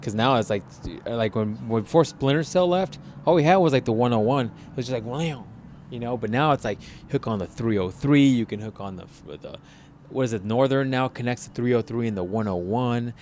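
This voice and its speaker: A man's voice: medium pitch, fairly quick, darkish tone, slight background noise. A young man bantering in slang on a podcast recorded while driving. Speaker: podcast host. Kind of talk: casual chat. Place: in a car, driving.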